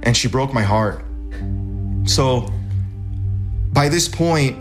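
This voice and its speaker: Casting note: male veteran in his thirties, candid storyteller, mid-pitched voice, soft music underneath. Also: animated, slow pace. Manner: candid, conversational, reenacts shouted moments. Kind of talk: personal storytelling.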